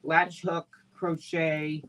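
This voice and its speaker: A woman, a guest on a craft chat show, speaking in a relaxed, agreeable way. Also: low voice, drawn-out words, rough recording. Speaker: guest, master knitter. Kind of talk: casual chat.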